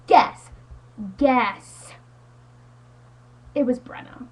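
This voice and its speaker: A woman's voice: high-pitched, measured pace, long pauses, a little mellow, poor audio. A teenage girl ranting into her webcam at home, rambling and exasperated, saying "like" constantly. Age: teens. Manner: exasperated, rambling, heavy use of "like". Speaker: high school student vlogger.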